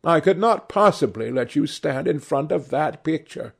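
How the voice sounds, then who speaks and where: A man's voice: a little high, lively intonation, normal speed, vocal fry, slightly rough, full character voice. A man reading aloud and voicing a charming, evasive, secretive young man in a light, lifted voice. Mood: airy, evasive.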